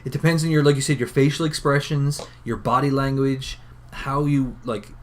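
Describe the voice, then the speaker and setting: A man with a Newfoundland accent talks casually on a podcast at a mid-range pitch. He argues his points bluntly and swears freely along the way. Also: level tone, moderate pace. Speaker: podcast co-host. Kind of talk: casual wrestling chat.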